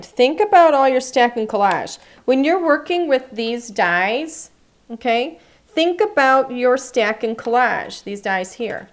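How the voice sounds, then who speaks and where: A woman with a slightly high voice hosts a live craft demonstration. She talks in a chatty, enthusiastic way and thinks aloud as she shows her materials. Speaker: craft class host. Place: craft studio.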